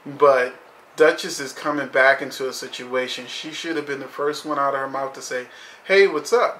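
A man's voice: medium pitch, pushed and bright, echoey room. A man reviewing a TV episode in casual commentary, blunt and profane, saying "you know" constantly.

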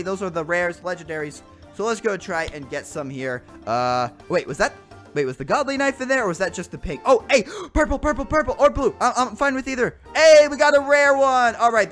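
Excitable young man with a raised voice. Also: high-pitched. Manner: excitable, groans and exclaims at bad luck, addresses viewers as guys and bro. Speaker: gaming YouTuber. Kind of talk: gameplay commentary.

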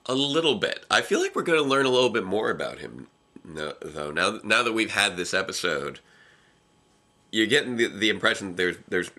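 A young man chats casually about a TV episode, his low voice swinging through a lively range. His tone is bright, and he rambles, circling back over his own sentences. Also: brisk. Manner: rambling, restarts sentences, laughs often. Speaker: co-host reviewing episodes. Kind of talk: casual chat reaction.

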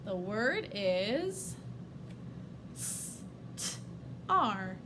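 A woman's voice: medium pitch, sing-song, extremely slow, background noise. A woman teacher giving an encouraging, upbeat reading lesson for young children.

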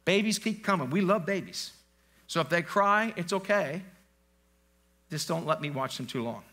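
A man's voice: sits high, lively intonation, moderate pace, pushed and bright. A male pastor preaching a live church sermon in a conversational, joking way, often quizzing the congregation. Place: church sanctuary, live service.

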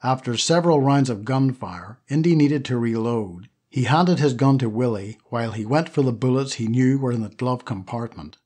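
A man narrating an adventure novel as an audiobook reader, telling the story in a steady, lively way. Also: mid-range voice, moderate pace, hardly any pauses, slightly rough. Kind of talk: scripted narration.

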